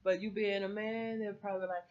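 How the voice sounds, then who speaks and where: A woman's voice: medium pitch, level tone, fairly quick, darkish tone. A middle-aged woman in a heated, profane, rambling rant to camera. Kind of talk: casual political rant to camera. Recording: muffled lo-fi recording.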